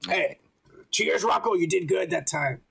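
A man's voice: fairly high pitch, unhurried, gravelly, a bit bright, breathy edge, low-quality recording. A middle-aged man, co-hosting a podcast in crude, joking casual chat full of swearing. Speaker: podcast co-host. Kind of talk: casual profane chat reading viewer comments.

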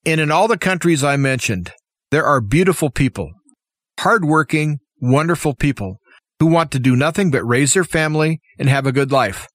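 A man delivers a fiery political commentary monologue, firing off rhetorical questions one after another. His voice sits a little on the high side for a man. The sound is close and dry, with no room around it. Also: expressive, normal speed, dry recording. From United States. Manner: impassioned, opinionated, full of rhetorical questions. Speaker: talk show host.

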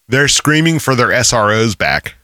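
A man's voice: medium pitch, big pitch swings, moderate pace, pushed and bright, no room sound, clean studio sound. A man in his thirties co-hosting a casual podcast, rambling through stories with frequent laughter and plenty of swearing. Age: 30s. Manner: laughs often, rambling, profane storytelling. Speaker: podcast co-host. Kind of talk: casual banter.

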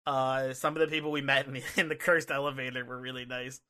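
Excitable, rambling man with a bright voice. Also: medium pitch, fast talker. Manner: excitable, rambling with many fillers. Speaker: podcast co-host. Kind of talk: casual chat. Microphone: studio microphone.

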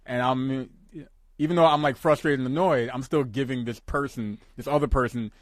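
A young adult man co-hosting a casual chat, speaking in a reflective, candid and measured way. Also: mid-range voice, dry recording, clean studio sound. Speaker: co-host.

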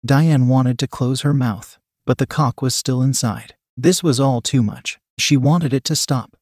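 A man narrating adult fiction in an even, matter-of-fact reading. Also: mid-range voice, unhurried, hardly any pauses, husky, no room sound, studio quality.

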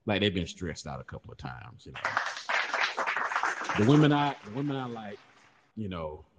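Joking man, lively low voice. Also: moderate pace, long reverb tail, very noisy. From Southern US. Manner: joking, animated storytelling. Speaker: podcast co-host. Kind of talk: casual chat.

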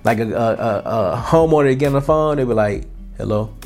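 A young man hosting a podcast, speaking earnestly and casually about experience and self-worth at a mid-range pitch. He restarts and repeats phrases as he talks, and a faint bed of music runs underneath. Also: fairly quick, a little mellow. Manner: earnest, repeats himself, colloquial. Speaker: podcast host. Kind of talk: motivational talk.

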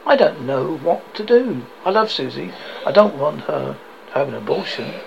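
A man's voice: fairly high pitch, animated, moderate pace, vocal fry, highs cut off, a little hiss or hum. A man reading the lines of a worried young man who plays his troubles down, in a storybook reading. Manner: plays things down.

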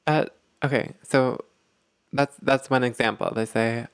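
Gravelly-voiced man hosting an advice podcast. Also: medium pitch, fairly even intonation, measured pace, dry recording, studio quality. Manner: explanatory, repeats words while thinking. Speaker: podcast host. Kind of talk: casual self-help podcast talk.

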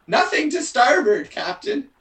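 A man voicing an eager, clumsy young pirate lookout in an improvised comedy, stammering and squeaky. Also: big pitch swings, unhurried, fairly bright tone, full character voice. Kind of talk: improvised comedy role-play.

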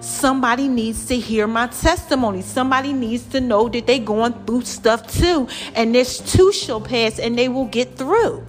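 Woman, young adult, casual vlog, preachy testimony, slightly high voice. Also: moderate pace, few pauses, faint music behind. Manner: animated, preachy, addresses viewers as y'all and child. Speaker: vlogger sharing a health testimony. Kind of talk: casual chat to viewers.

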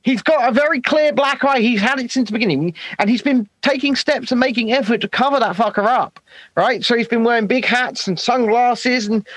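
A man's voice: very high voice, brisk, fairly bright tone, no room sound. A man co-hosting a live-streamed chat show, exasperated and sweary, often repeating himself. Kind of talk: casual chat.

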